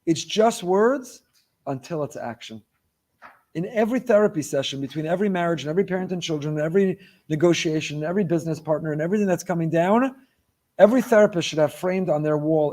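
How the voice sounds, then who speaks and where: A man's voice: high-pitched, animated, normal speed, a little mellow. A male rabbi delivering a sermon with emphatic repetition of key phrases.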